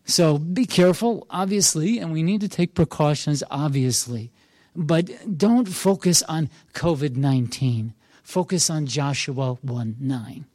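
A man's voice: on the high side, a little slow, darkish tone, no room sound. A male pastor preaching an earnest, encouraging sermon, repeating key phrases for emphasis.

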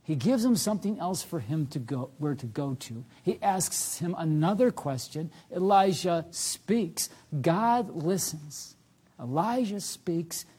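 A man preaching a sermon as pastor, reading scripture aloud with rising emphasis, then dropping low and soft to reflect on it. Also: animated, measured pace, husky.

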